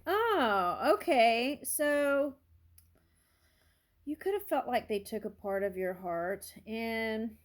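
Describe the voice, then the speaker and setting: Slow and expressive, her voice on the high side, a woman gives a casual tarot reading. She ponders every card aloud, with small exclamations along the way.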